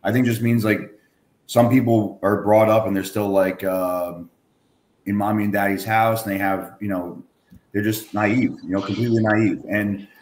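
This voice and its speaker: Low-voiced man coach in a roomy space. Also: a little mellow. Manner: loose, filler-heavy, lots of "like". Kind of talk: casual chat. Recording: roomy audio with faint background noise.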